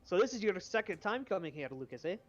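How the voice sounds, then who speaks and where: A man's voice: sits high, very animated, fast talker, muffled recording. A man joking and laughing often while playing in a tabletop role-play session over voice chat. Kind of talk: casual joking chat in voice call.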